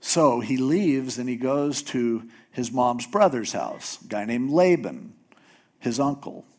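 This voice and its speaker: A man preaching a sermon, retelling a story in a casual, animated way. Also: mid-range voice, slow pace. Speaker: pastor.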